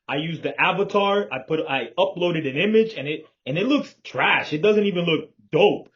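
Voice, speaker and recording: A man talks plans through with a partner, emphatic and sure of himself, cursing freely. His voice sits a bit high. The sound is dull and lo-fi, as over a video call. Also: expressive, normal speed, fairly bright tone. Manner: emphatic, confident, swears freely. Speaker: business partner. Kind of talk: casual planning chat.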